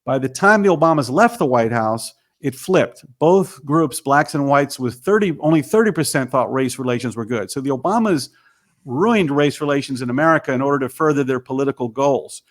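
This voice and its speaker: A man's voice: medium pitch, expressive, brisk. A man, a filmmaker and author, telling his story emphatically as an interview guest.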